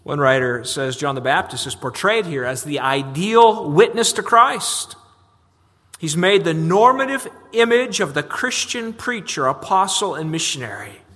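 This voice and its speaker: A pastor with a bright, forceful voice pitched a little high delivers an earnest sermon. He doubles words as he restarts thoughts and lifts his voice on questions. The sound carries the long reverb of a large sanctuary. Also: lively intonation, a little slow. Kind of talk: expository sermon.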